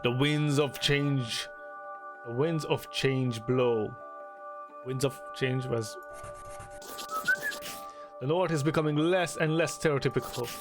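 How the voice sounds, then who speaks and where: A man streams a story game, reading its narration aloud and chatting in between. He talks in a halting way, with many restarts, and his voice sits in a middle range. Game music plays clearly behind him. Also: mid-range voice. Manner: shifts to a louder, animated voice when reading and acting out lines.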